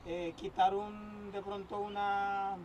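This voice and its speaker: A man who works as a local boat guide, speaking in a measured, hesitant way with fillers, outdoors on a river. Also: sits high, monotone, a little mellow, far from the mic, highs cut off, a little hiss or hum. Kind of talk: casual conversation.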